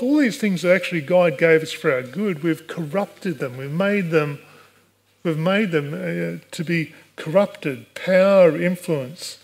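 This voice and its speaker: Pastor guy, fairly high voice, earnest sermon, keeps asking the church questions. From Australia. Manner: earnest preaching, rhetorical questions.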